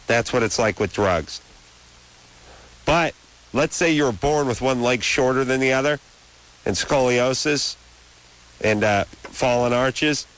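A man's voice: medium pitch, slow pace, pauses often, fairly bright tone, poor audio. A man in his thirties hosting a late-night radio call-in show, ranting in long, opinionated riffs. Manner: rambling, opinionated rants. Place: radio studio. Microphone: studio microphone.

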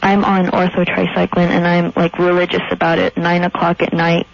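A woman's voice: lowish voice, completely flat delivery, normal speed, vocal fry. A woman calling in to a radio advice show, hesitant and anxious, full of fillers. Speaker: caller. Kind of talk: phone call to radio show. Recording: muffled radio call audio.

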